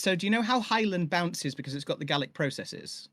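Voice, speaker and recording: A man's voice: a little high, animated, moderate pace, a bit bright, no room sound, studio quality. A man hosting a live-streamed chat about audio drama, rambling and enthusiastic with many restarts. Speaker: host and audio drama maker.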